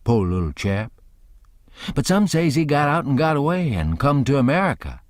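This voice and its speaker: A man's voice: mid-range voice, sing-song, moderate pace, no echo, clean studio sound. A man narrating an audiobook in the first person, telling the story in a folksy rural dialect.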